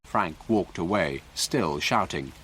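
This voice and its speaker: A man narrating a graded story for English learners in a clear, deliberate way. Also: low-pitched, lively intonation, fairly bright tone, slight background noise. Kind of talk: slow scripted story narration.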